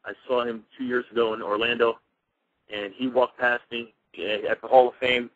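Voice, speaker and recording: A former pro wrestler tells stories in a casual radio interview, acting out the dialogue as he goes, his medium-pitched voice barely moving in pitch at a moderate pace. He rambles, restarting often and quoting what people said. The audio is dull, lo-fi radio sound with no echo.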